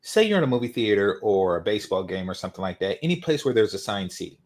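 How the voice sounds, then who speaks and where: A man's voice: lowish voice, big pitch swings, fast. Emphatic mocking male commentator. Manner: mocking, emphatic, repeats his points. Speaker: reaction commentator. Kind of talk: video reaction commentary.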